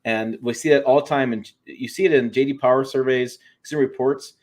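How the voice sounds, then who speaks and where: A man's voice: medium pitch, steady tone, a little fast, darkish tone. Rambling man co-hosting a truck livestream. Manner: rambling, many restarts and fillers. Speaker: co-host of a truck show. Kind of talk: casual livestream chat.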